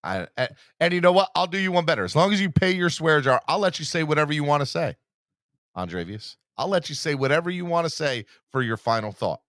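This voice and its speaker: A man hosting a live fan podcast in a casual, teasing, animated way, hyping himself up. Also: on the high side, fast talker, dry recording, studio quality. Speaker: podcast host.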